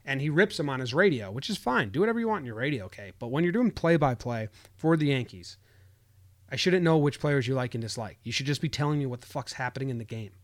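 A man's voice: medium pitch, animated, fast. A young man co-hosting a casual sports chat, blunt and profane as he rants about the game. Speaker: podcast co-host.

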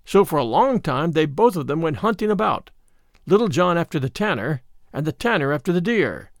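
A man narrating an old-fashioned tale in an expressive read-aloud manner. His voice sits fairly high with a lively lilt, recorded dry and close. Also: fairly quick, no room sound.

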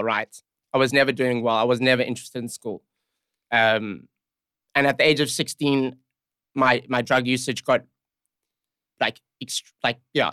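A young man asks questions and reflects on his past. His voice is smooth and clear, direct but a little unsure. The sound is close and dry. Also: medium pitch, a bit bright, no room sound. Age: young adult. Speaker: podcast host. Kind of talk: candid interview conversation.

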